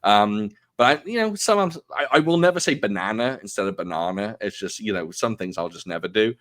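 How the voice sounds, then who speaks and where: A man's voice: on the low side, very animated, quick pace, fairly bright tone. A British man in his forties, hosting an interview in a chatty, self-deprecating way, restarting his sentences as he talks. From United Kingdom. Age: 40s. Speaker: podcast host. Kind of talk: casual interview chat.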